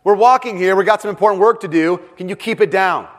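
A man's voice: high voice, quick pace, in a large hall, natural voice. A man voicing an impatient crowd of ancient travelers, brusque and dismissive, during a sermon.

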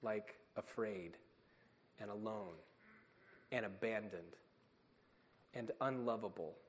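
A man's voice: lowish voice, slow, a little hiss or hum. A man preaching a sermon as a pastor, in an earnest, emphatic way. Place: church sanctuary. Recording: long reverb of a church hall.

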